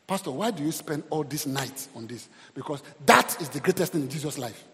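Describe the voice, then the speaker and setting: A man's voice: a little high, expressive, brisk, sharp tone. A man preaching a sermon as pastor, calling out praise and exclamations to the congregation. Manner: preaching with call-and-response exclamations. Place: church hall. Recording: long hall reverb.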